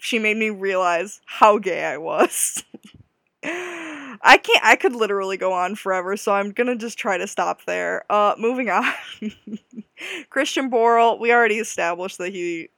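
A woman's voice: mid-range voice, lively intonation, measured pace, gravelly, fairly bright tone, no echo, clean studio sound. A young woman hosting a casual solo podcast, gushing and giggly with self-deprecating asides. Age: young adult. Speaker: podcast host.

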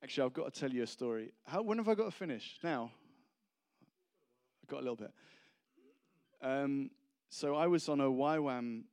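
A man's voice: mid-range voice, expressive, normal speed, darkish tone. A man preaching a casual, humorous sermon, rambling and self-deprecating between anecdotes.

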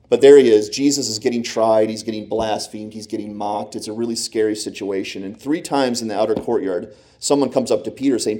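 Man giving a lively Bible teaching. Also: fairly low pitch, brisk, noisy background. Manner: animated storytelling with casual fillers.

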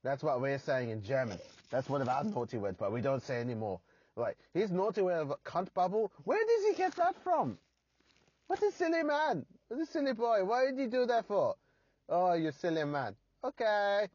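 A man's voice: very animated, moderate pace, darkish tone, slightly rough, no room sound, lo-fi sound, heavily acted. A man voicing a silly, prim German character who chides and scolds, recorded in a parked car. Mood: scolding, amused. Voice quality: high, put-on foreign lilt.

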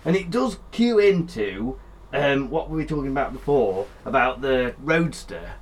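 A man co-hosting a car podcast, chatting in an animated, jokey way with casual swearing. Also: medium pitch, unhurried. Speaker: podcast co-host. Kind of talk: casual chat.

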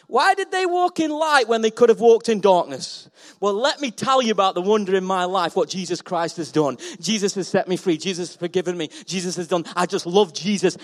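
A man preaching a sermon to his church, passionate and repeating phrases, swinging between loud and soft. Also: high-pitched. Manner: passionate, rising and falling in volume, repeats phrases. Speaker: pastor. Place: church hall.

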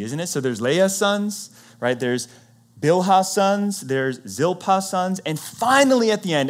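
A man preaching, retelling a Bible story in a conversational, animated way and acting out what the characters say. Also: fairly high pitch. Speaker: pastor.

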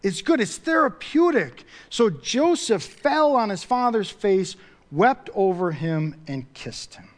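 A man's voice: high-pitched, very animated, slow. A man preaching a sermon as pastor, talking conversationally and building to emphatic swells with repeated phrases.

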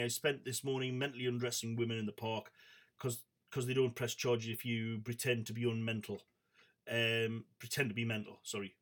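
A man of middling pitch hosts a relaxed comedy session, reading viewers' one-liners aloud. He chuckles often and fills pauses with ums and loose asides. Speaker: comedy show host. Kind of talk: casual chat reading out viewer comments.

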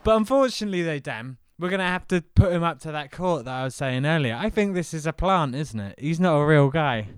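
A man's voice: a little high, expressive, a little fast, hardly any pauses, clean tone, no room sound, studio quality. A man co-hosting a podcast, chatting casually and joking. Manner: joking, riffing on wrestling promos. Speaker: podcast co-host. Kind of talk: casual chat.

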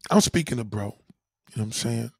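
A man casually telling a profane story to his followers, animated and slangy, often asking "you know what I mean". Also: medium pitch, brisk, creaky, husky, no echo, studio quality.

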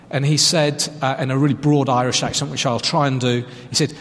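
A man preaches in a church hall, telling a story with dry, self-deprecating humour. His voice is fairly high for a man, and a long reverb trails each phrase. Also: fairly quick, hardly any pauses, a bit bright. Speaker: pastor. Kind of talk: sermon.

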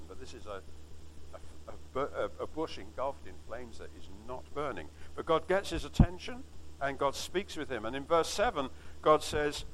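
A man preaching a sermon, teaching from the Bible with earnest, emphatic repetition and slowed, stressed phrases. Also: mid-range voice, fairly bright tone, a little hiss or hum, low-quality recording.

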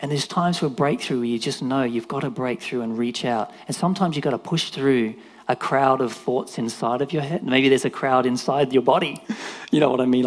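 A man delivers a casual sermon in an easygoing, conversational way. His voice sits at an ordinary middle pitch. He keeps acting out the voices and climbs into excited shouts. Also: big-room sound. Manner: animated, acts out voices, rises to shouts. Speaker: preacher.

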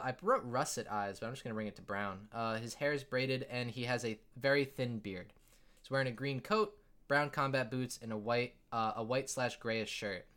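A man's voice: medium pitch, fairly bright tone. A man narrating as game master, rambling with many fillers and jumping into character voices.

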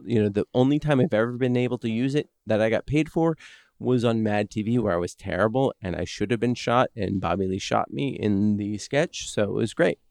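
A man's voice: fairly low pitch, fairly quick, gravelly, smooth, no room sound, studio quality. A man co-hosting a podcast in casual chat, rambling and restarting his sentences, reading a listener's message. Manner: animated, rambling with many restarts. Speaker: podcast co-host.

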